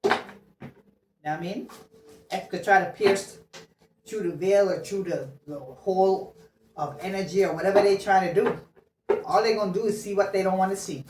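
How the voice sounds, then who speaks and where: This woman's mid-range voice has a darkish tone and moves a little fast as she does a casual tarot love reading. She's chatty and direct, slangy, swearing and laughing throughout. Sound is roomy with a distant mic and slight noise.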